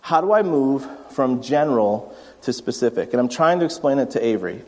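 A man's voice: medium pitch, expressive, normal speed, darkish tone, in a large hall. A man, a pastor, preaching a conversational sermon and acting out little family stories. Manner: conversational, acts out family anecdotes. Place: church sanctuary.

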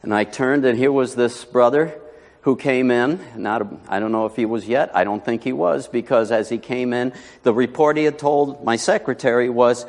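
A male pastor preaches a sermon in a church, mixing folksy anecdotes and asides with emphatic, rising delivery. His voice sits at a middle pitch. Long reverb from the hall trails after his words. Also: moderate pace, a little mellow. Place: church sanctuary.

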